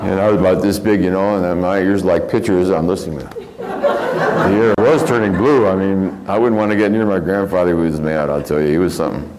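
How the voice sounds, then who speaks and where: A man's voice: sits low, brisk, over a noisy crowd, poor audio. An older man from the American Midwest giving a rambling, reflective spiritual lecture and often chuckling as he tells stories. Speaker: spiritual teacher.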